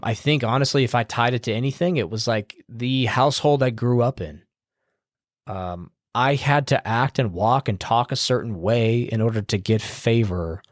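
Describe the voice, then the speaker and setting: A man's voice: lowish voice, no room sound. Upbeat man hosting a podcast, dry sound. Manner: loose and rambling, with fillers and casual swearing; upbeat and smiling. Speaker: podcast host. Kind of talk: casual advice monologue.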